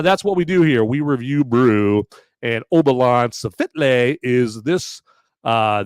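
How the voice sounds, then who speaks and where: In a studio-quality recording with no echo, a mid-range-voiced man hosts a live podcast. He's animated and profane, bantering casually with his chat and cursing freely.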